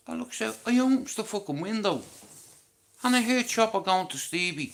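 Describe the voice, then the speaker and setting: Irish guy nearly fifty on a live stream, high sharp voice, sweary rambling stories. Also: expressive, moderate pace, slight background noise. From Ireland. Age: 40s. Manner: rambling, sweary, jokey storytelling. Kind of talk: casual live stream rant.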